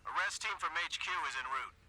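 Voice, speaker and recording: An actor playing a headquarters dispatcher in a video game, talking in brisk radio calls. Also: male voice, on the high side, expressive, a loud crowd, close to an everyday voice.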